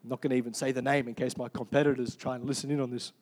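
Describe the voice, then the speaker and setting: A man preaching a sermon in an energetic, humorous way, often asking the congregation "Amen?". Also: medium pitch, rapid-fire.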